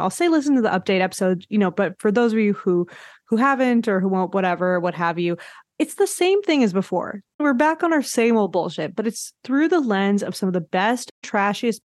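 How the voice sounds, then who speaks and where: A woman hosts her own podcast in a relaxed, chatty monologue. She is playful and slips in sarcastic asides. Her voice sits mid-range and is recorded close and dry, with no room sound. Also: medium pitch, no echo. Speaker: podcast host.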